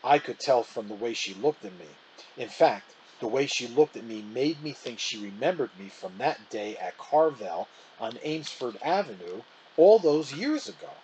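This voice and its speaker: A man reading a children's novel aloud in an animated storytelling manner. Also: mid-range voice, normal speed, slight background noise, rough recording.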